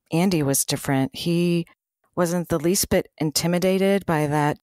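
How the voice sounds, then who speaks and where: A woman's voice: low-pitched, darkish tone, no echo, clean studio sound. A middle-aged woman hosting an interview, answering her guest with affirming, personal reflections. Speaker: podcast host. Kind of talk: conversational interview.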